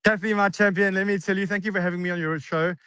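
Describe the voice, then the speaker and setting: South african guy on a call-in, out of breath, gushing, talks super fast. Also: high voice, fairly even intonation, bright, forceful tone, clear, resonant tone, no echo. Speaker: guest. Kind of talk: excited phone-in interview. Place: outside stadium at night.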